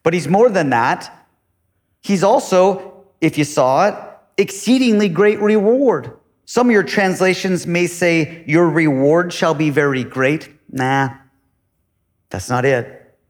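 A man preaching in a church with a slightly raised voice that rings through a large, echoing sanctuary. He talks to the congregation conversationally, tossing out rhetorical questions. His delivery jumps from loud emphasis to soft, near-whispered asides. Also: on the high side, lively intonation, takes it slowly. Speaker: pastor. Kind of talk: sermon.

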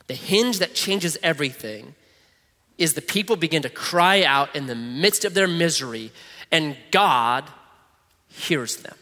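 A man preaching a sermon, reading scripture with animated, conversational, jokey asides. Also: fairly high pitch, measured pace, long reverb tail. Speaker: pastor.

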